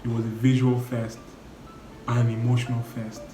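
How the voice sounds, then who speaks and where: A man's voice: medium pitch, completely flat delivery, normal speed. A young man giving a casual, emotional spoken review, exclaiming and repeating "no, no, no" as he talks. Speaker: anime reviewer. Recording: roomy echo, faint background music.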